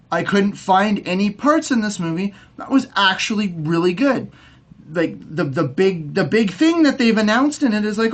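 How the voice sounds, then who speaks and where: A young man with a rather high voice rants through a casual video review. He swears freely and keeps tripping over his own words, restarting again and again in a heated, stammering rush. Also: sing-song, moderate pace, a bit bright. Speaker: movie reviewer.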